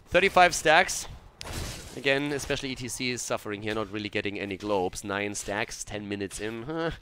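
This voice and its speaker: A man casting a video game match on his own, mixing brisk play-by-play with coaching tips. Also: sits low, fairly bright tone, slight background noise. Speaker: esports caster. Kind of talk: solo match commentary with analysis.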